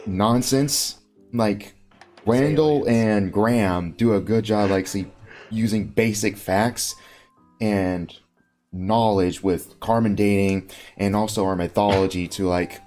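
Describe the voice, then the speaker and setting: A man with a very low voice rambles through a casual podcast chat, piling up fillers and restarting his sentences. Faint music plays behind him. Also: a little mellow. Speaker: podcast host.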